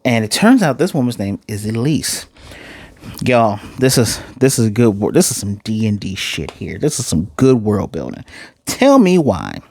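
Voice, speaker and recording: Animated male anime reviewer. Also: fairly low pitch, moderate pace, no room sound. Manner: animated, acts out quotes, uses "y'all" and fillers. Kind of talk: casual recap commentary.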